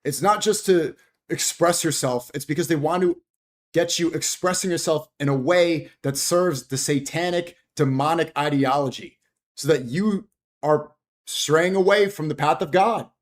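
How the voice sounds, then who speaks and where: Moralizing male commentator, slightly raised pitch, preachy warning monologue. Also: moderate pace. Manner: earnest, moralizing.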